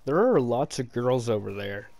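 A young man in a relaxed VR game chat, talking into a headset mic at an ordinary middle pitch. His throat sounds sore, and he laughs at himself often and swears without a second thought. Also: creaky. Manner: laughing, self-mocking, quick to swear. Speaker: gamer.

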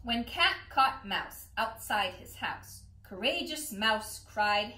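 A woman librarian reading picture books aloud at storytime, expressive and rhythmic. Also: on the high side, takes it slowly, few pauses. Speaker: children's librarian. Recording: echoey room.

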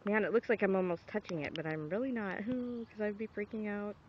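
A young woman outdoors on a dog walk, filming with a handheld camera and talking off the cuff, grossed out and repeating her exclamations, sometimes shouting for her dog. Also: medium pitch, steady tone, fairly quick. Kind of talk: unscripted phone-camera commentary. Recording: dull lo-fi home video with faint background noise.

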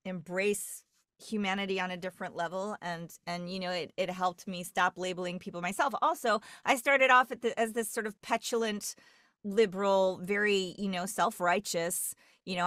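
A woman's voice: mid-range voice, normal speed, a bit bright, no echo, studio quality. A woman from New York, a dialect coach, telling stories in a rambling casual chat full of fillers and restarts. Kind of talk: casual podcast conversation.

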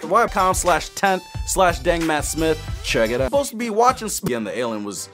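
Excitable male reaction host, high and bouncy, quick to exclaim and joke. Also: music in the background. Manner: animated, joking, frequent exclamations. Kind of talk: casual reaction commentary.

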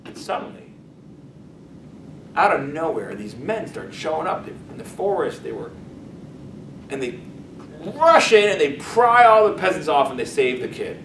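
Casting note: rabbi telling a story in a lecture room, loose and animated, recorded from across an echoey space with background noise. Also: male voice, on the high side, normal speed, gravelly. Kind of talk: storytelling lesson. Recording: echoey room, distant mic, noisy.

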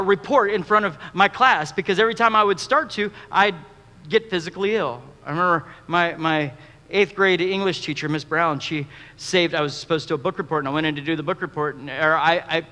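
A man's voice: high voice, sharp tone, long reverb tail. A man preaching a sermon who mixes humor and personal stories into his teaching. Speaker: pastor.

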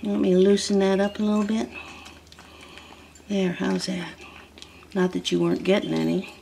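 A woman's voice: mid-range voice, level tone, moderate pace, vocal fry, warm tone, slight background noise. A woman talking in sing-song, doting baby talk to a puppy while she films it. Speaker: dog breeder filming a puppy.

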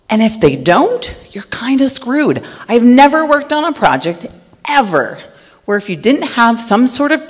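A middle-aged woman giving a conference talk, loud and animated as she tells stories. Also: on the high side, husky. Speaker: conference speaker. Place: large conference hall. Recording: long hall reverb.

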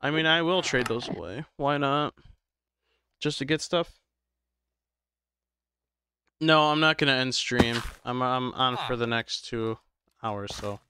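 A man live-streaming a game, chatting casually with viewers in a slow, drowsy, rambling way because he is tired. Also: mid-range voice, sharp tone, clear, resonant tone, no echo. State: tired, medicated.

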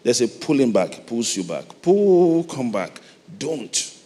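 A middle-aged Nigerian man preaching a sermon, moving from soft, reflective storytelling to loud, emphatic calls. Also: mid-range voice, expressive, unhurried. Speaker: pastor. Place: large church hall. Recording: long hall reverb, faint noise.

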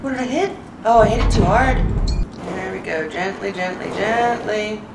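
A woman's voice: medium pitch, moderate pace, vocal fry, over loud music. A woman commenting on her own gameplay as she plays, talking to herself and swearing often in frustration. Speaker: gamer. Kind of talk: let's play commentary. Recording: echoey, distant mic, loud background noise.

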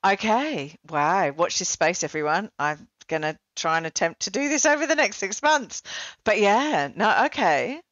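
A woman's voice: mid-range voice, lively intonation, normal speed, a bit bright, no room sound. A woman hosting a podcast, chatty and self-deprecating, with plenty of fillers as she talks. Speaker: podcast host. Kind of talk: casual interview chat. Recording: dull, dry lo-fi recording.

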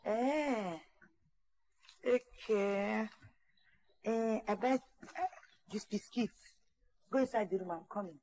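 A woman's voice: mid-range voice, takes it slowly, pauses often, warm tone. An actress playing an easygoing wife and mother who talks with a Nigerian Pidgin accent.

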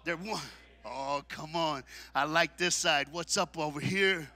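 A man preaching a sermon at a men's conference, shouting call-and-response lines and dropping into low, quick asides. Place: church hall at a men's conference.

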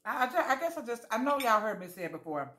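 A woman's voice: on the high side, big pitch swings, quick pace, bright, forceful tone. A woman food vlogger tasting jellies on camera, chatting casually to her viewers with savoring murmurs between bites.

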